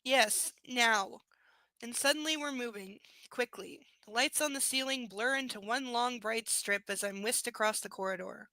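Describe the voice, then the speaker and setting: A woman's voice: a little high, normal speed, sharp tone, no echo. A young woman reading a romance novel aloud live, breaking off for sarcastic, profane commentary. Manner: snarky, profane commentary between passages. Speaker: book reader.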